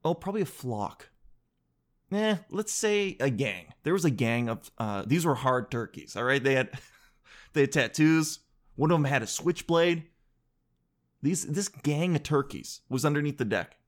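A man's voice: fairly high pitch, expressive, unhurried. A man telling comedic stories in a casual, rambling monologue, joking, cutting himself off and swearing freely.

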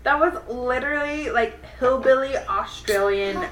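A woman's voice: high-pitched, measured pace, a bit bright, roomy sound, slight background noise, low-quality recording. A woman chatting casually, making short teasing remarks. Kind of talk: casual chat.

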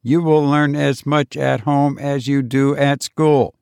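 A man voicing a calm, gentle household robot in a storybook reading. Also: medium pitch, slow, vocal fry, smooth, dry recording, studio quality.

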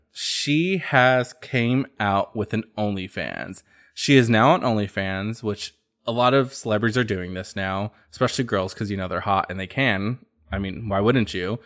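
Sassy, chatty male gossip host. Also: fairly low pitch. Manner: sassy, chatty, animated storytelling. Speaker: podcast host. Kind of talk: casual pop-culture gossip chat.

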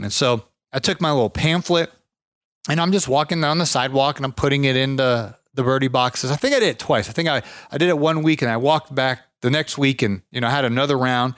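A man's voice: mid-range voice, brisk, fairly bright tone, no echo. Guy from ohio rambling through a story, mid voice, dry close sound. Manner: rambling, many restarts and fillers. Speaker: podcast host, lawn care business owner. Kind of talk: casual storytelling.

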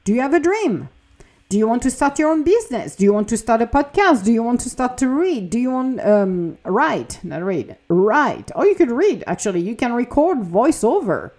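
Animated woman hosting a motivational podcast. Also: a little high, normal speed. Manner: animated, self-talk, acts out quoted voices. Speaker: podcast host. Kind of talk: motivational spiritual podcast monologue.

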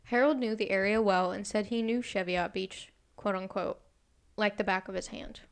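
An American woman hosts a relaxed podcast, reading out a true crime case between bits of banter. She often stumbles over words and laughs at herself. Her voice sits at an everyday middle pitch. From United States. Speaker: podcast host.

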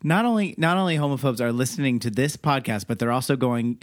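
A man's voice: medium pitch, fast, dry recording, studio quality. A man co-hosting a podcast, chatting casually and teasing his partner with wry asides. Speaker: podcast co-host.

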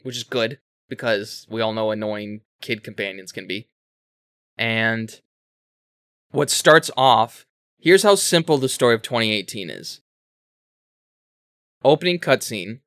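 A man co-hosting a casual talk show, retelling a story in a rambling, animated way with self-corrections and swearing. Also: lowish voice, dry recording, clean studio sound. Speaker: podcast co-host explaining a game. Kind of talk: casual chat.

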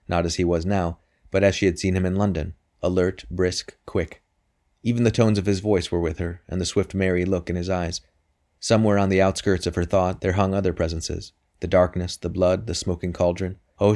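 A man narrating a novel in a measured, steady audiobook reading. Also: deep voice. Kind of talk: scripted narration.

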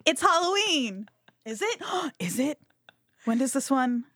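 A woman's voice: sits high, very animated, a little slow, fairly bright tone, no echo, studio quality. A woman co-hosting a podcast, giggly and teasing in casual banter. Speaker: podcast co-host. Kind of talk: casual chat.

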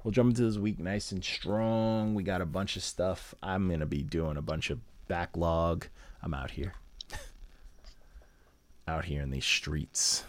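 Deep-voiced man in loose slangy chat. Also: steady tone, a little slow. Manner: loose slangy talk, heavy on fillers. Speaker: podcast host. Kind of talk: casual music review chat.

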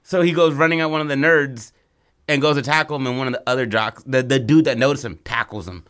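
A man's voice: medium pitch, fast talker, a bit bright. A young man co-hosting, brainstorming a movie plot in casual, rambling chat full of crude slang. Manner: laid-back, rambling storytelling with crude slang. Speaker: co-host brainstorming a story.

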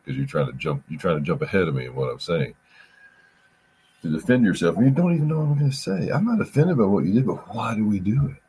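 Man, podcast host, very low husky voice, lively pitch, rambling and profane. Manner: rambling storyteller, repeats words, swears. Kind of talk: casual chat.

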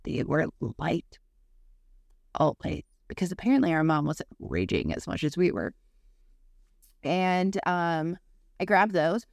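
Animated, swearing woman storyteller. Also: low-pitched, a little slow, gravelly, long pauses, no room sound, studio quality. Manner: animated, swears freely, acts out quoted voices. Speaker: podcast co-host. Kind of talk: casual storytelling chat.

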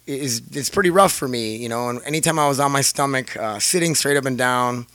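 Man, casual storytelling to viewers, profane, laughs a lot, bright tone, dry close sound. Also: medium pitch, fairly quick, dry recording. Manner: rambling, profane, laughs often. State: scratchy throat.

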